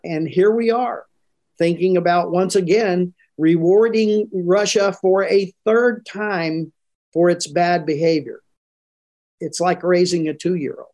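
An older man speaks with earnest conviction as a former commander in a broadcast interview. His voice sits a little high for a man. He slows down and leans hard on the words he wants to land. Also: a little mellow. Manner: earnest, emphatic, slows down to stress points. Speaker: interview guest, retired military commander.

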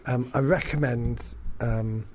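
A man's voice: medium pitch, fairly even intonation, takes it slowly, noisy background. A man co-hosting a casual radio show, rambling with lots of fillers, restarts and casual swearing.

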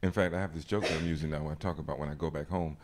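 A man's voice: very deep voice, steady tone, racing, background noise. A man from Mississippi, telling stories in a casual chat, laughing often and acting out voices. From Jackson, Mississippi, USA.

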